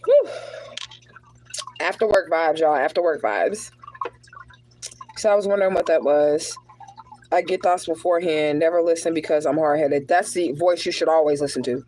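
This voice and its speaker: A woman's voice: low-pitched, fairly even intonation, a little fast, mellow, a little hiss or hum, low-quality recording. Chatty woman reading cards live. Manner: casual, chatty, talks straight to viewers as y'all; drops into prayerful invocation. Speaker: spiritual card reader. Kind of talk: livestreamed tarot reading.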